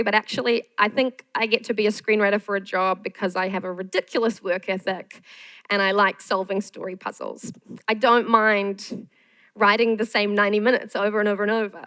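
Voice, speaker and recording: A woman's voice: medium pitch, a bit bright, no room sound, rough recording. A woman screenwriter giving a candid masterclass talk, frank and self-deprecating.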